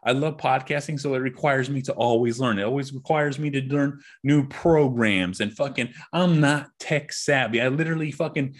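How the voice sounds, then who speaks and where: Middle-aged male podcaster, husky, mid-pitched, swearing through a frustrated solo rant. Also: moderate pace, few pauses. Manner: frustrated, profane, repetitive ranting. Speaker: podcast host.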